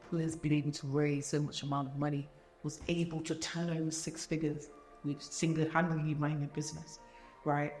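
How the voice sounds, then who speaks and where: A woman with a notably low voice hosts a conversation, encouraging her guest and talking with fillers and restarts. The room is echoey, with faint music in the background. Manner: affirming, many fillers and restarts. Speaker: interviewer and event host. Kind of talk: warm conversational interview.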